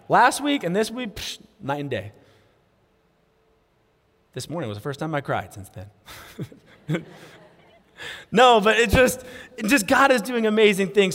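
A pastor in his thirties with a rather high voice tells his story earnestly in a sermon. His words ring out with a long reverb through the church hall, and he sinks to a hushed tone for prayer. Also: sing-song, a little slow, pauses often. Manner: earnest storytelling, drops to a soft hush for prayer. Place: church sanctuary.

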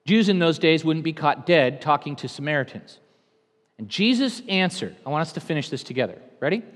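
Pastor, male, fairly high voice, dynamic sermon delivery, hushed to loud, long church-hall reverb. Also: expressive, brisk. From California.

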